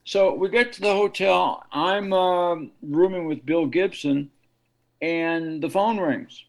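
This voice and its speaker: A man's voice: high voice, slow, creaky, low-quality recording. A man, a guest guitarist, telling stories in a casual interview and acting out the voices of people he quotes. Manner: animated storyteller, acts out quoted voices.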